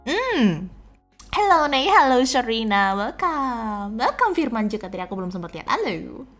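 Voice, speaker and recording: A woman's voice: fairly high pitch, big pitch swings, moderate pace, fairly bright tone. A young woman from Indonesia with an Indonesian accent, chatting casually on a stream and greeting viewers, rambling with restarts, her throat sore and phlegmy. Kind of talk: casual chat reading out viewer messages. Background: faint background music.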